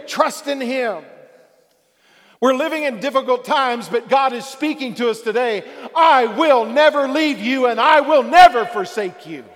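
Man, pastor, emphatic sermon, high voice, reverberant hall. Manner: emphatic, builds to shouting passages.

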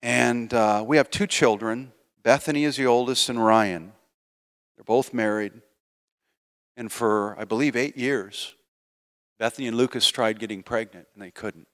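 An older male preacher delivers a heartfelt sermon in a church sanctuary, moving from quiet personal storytelling to loud, emphatic calls to faith. His voice sits at an ordinary middle pitch. The sound carries a long, lingering reverb from the hall. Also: a little slow, pauses often. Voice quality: earnest storytelling, swelling to loud emphatic appeals.

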